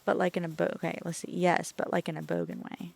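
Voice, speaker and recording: A woman's voice: lowish voice, little pitch movement, fast, gravelly, darkish tone, breathy edge, no room sound. A woman streaming as a VTuber, chatting casually and playfully with her viewers in a teasing, talkative way.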